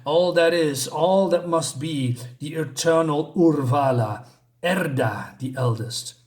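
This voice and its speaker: A man reading aloud as an ancient, all-knowing female earth goddess, slow and grave. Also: on the high side, a little mellow. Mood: solemn.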